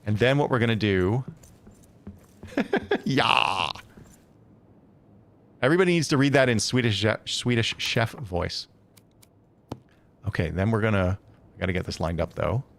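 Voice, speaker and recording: A man's voice: on the low side, lively intonation, measured pace, long pauses, a bit bright. A man live-streaming a building game, chatting casually and thinking aloud with many hesitant self-corrections.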